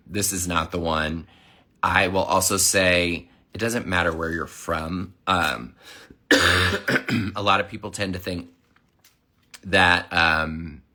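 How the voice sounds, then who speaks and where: A man in his thirties who is sick and hoarse, chatting casually and rambling through a livestream. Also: low-pitched, sharp tone. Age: 30s. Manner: rambling, chatty, lots of fillers. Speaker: livestream host.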